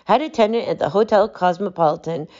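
A woman voicing a calm, shrewd gentleman detective who speaks in a bland, smooth and assured way. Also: medium pitch, brisk, lightly acted. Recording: dull lo-fi audiobook recording.

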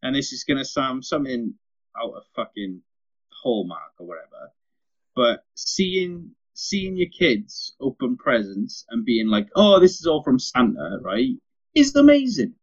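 A man's voice: mid-range voice, measured pace, lo-fi sound. A young father, telling stories in a casual podcast chat, swearing freely. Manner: sweary, animated anecdote teller.

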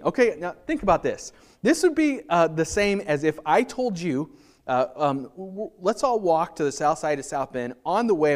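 A man preaching a sermon as pastor, acting out scenes in quick voices. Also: on the high side, a little mellow. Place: church.

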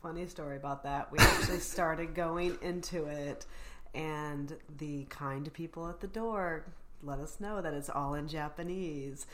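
Low-voiced chatty woman guest. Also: unhurried, a bit bright. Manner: chatty storytelling with laughs. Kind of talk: casual chat.

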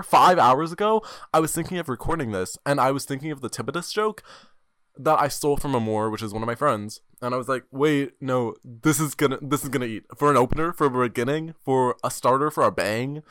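A man's voice: medium pitch, normal speed, a bit bright, no room sound, studio quality. A seventeen-year-old boy hosting a podcast on his own, chatting in a rambling, jokey, self-mocking way into a microphone. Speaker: podcast host. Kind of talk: casual solo podcast chat. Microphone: desk microphone.

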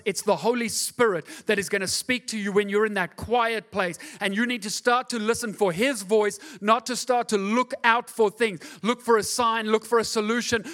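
Male pastor, high voice, emphatic sermon delivery with repeated questions. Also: a bit bright.

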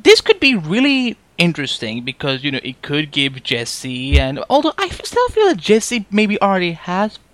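A man co-hosts a podcast, casually chatting about a TV episode in a fan-review style, rambling, joking, and trailing off with "I'm just saying." His voice sits high with wildly swooping pitch, a slightly bright tone, and a moderate pace with few pauses, recorded dry.

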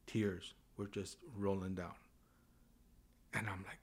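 Animated male storyteller from Southern California. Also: low-pitched, slow pace. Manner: animated, acts out dialogue in changing voices. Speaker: guest. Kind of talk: casual storytelling.

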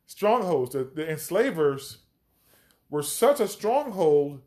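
A man's voice: fairly high pitch, very animated, slow pace, dark tone. A man hosting a podcast, teaching from the Bible with emphatic, reflective commentary as he reads scripture aloud.

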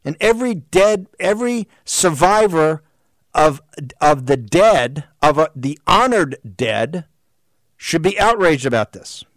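A man's voice: a little high, expressive, a bit bright, dry recording, clean studio sound. Combative male talk-show host, heated and emphatic. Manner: rapid-fire rhetorical questions. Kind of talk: political talk show monologue.

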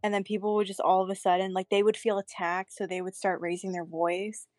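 A young woman talks with friends and acts out stories as she tells them. The sound is dry and close, with her voice sitting at an ordinary pitch for a woman. Faint music plays underneath. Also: brisk, no room sound. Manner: animated storytelling, acts out quoted lines. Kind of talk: casual chat.

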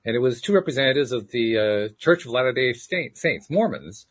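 A man hosting a podcast in easygoing casual conversation, quick to laugh. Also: medium pitch, animated, slightly rough. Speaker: podcast host.

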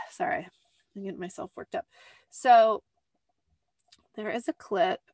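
A woman's voice: medium pitch, unhurried, darkish tone, dry recording. A woman hosting a podcast in a cramped little room, rambling with lots of fillers while recapping a show. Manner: rambling, many "like" fillers, apologetic asides. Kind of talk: casual chat. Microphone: close desk mic.

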